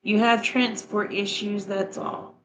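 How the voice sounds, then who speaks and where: A woman's voice: medium pitch, little pitch movement, takes it slowly, a bit bright, slight background noise, low-quality recording. A middle-aged woman chatting casually with her viewers and walking them through a recipe in a homespun, repetitive way. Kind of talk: casual chat, recipe instructions.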